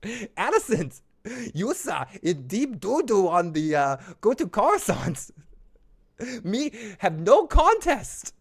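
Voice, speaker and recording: A squeaky babbling Jar Jar voice. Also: male voice, wildly swooping pitch, slow, gravelly, slightly rough, heavily acted. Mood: mocking. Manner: goofy pidgin babble, squeaky. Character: Jar Jar-style alien spymistress, silly and babbling.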